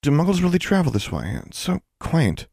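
A man's voice: fairly high pitch, huge pitch swings, a little fast, vocal fry, a little mellow, husky, dry recording, studio quality, voice pushed up, full character voice. A man voicing Lucilla, a cheerful grown woman witch and artisan, with a fond, amused manner, in an audiobook. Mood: delighted. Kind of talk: audiobook character voice.

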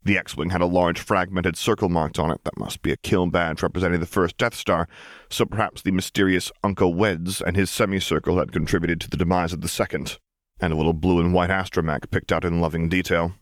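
A man narrating a fan-fiction audiobook in a measured, expressive storytelling manner. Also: low voice, no echo, clean studio sound. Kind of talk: scripted narration.

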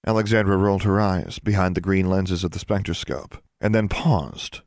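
A man with a low voice narrates a fantasy audiobook from a script, telling the story in a steady, measured way. The recording is dry and of studio quality.

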